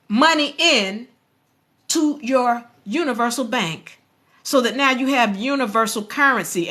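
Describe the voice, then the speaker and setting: With a fairly high voice, a woman runs a motivational live stream, talking to viewers head-on in an energetic, preachy style.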